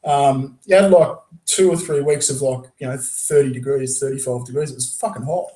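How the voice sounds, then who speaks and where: A man's voice: mid-range voice, normal speed, warm tone, roomy sound, poor audio. An Australian man hosting a casual chat, blunt and sweary, laughing often.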